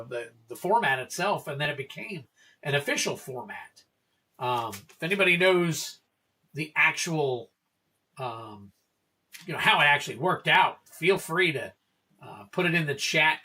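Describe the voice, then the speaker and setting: A man's voice: on the high side, bright, forceful tone. A man hosting a casual card-opening livestream, chatting freely and reading card names and prices aloud to his viewers.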